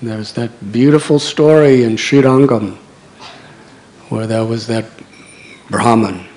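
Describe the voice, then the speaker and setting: A man's voice: medium pitch, slow pace, darkish tone. Guy in his 60s preaching, storytelling, dramatic swells. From United States. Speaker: monk preacher. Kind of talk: sermon storytelling.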